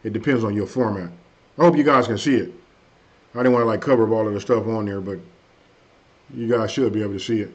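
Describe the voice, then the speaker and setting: A man hosting a casual live stream, chatting loosely with viewers and saying his energy is low tonight. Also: quick pace, long pauses. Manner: loose and conversational, frequent "hey" and "you know what I mean". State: a bit under the weather, low energy. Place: at home. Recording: dull lo-fi stream audio.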